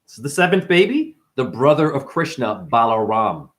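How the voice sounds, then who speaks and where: A man hosting a casual spiritual monologue, animated and profane, full of rhetorical questions. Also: mid-range voice, normal speed. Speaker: host.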